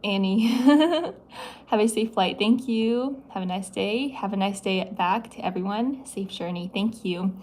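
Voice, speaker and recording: A woman's voice: medium pitch, measured pace, darkish tone. Young woman, playful, chatty, livestream host, from the Midwest, casual talk. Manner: chatty, playful, with many likes and giggles. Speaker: livestream host answering chat.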